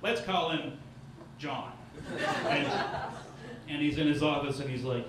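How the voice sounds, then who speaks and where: A young man from East Tennessee performing a self-mocking, crude stand-up set on a club stage, tossing quick asides to the crowd. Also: fairly high pitch. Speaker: stand-up comedian. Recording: echoey club, from far off, noisy.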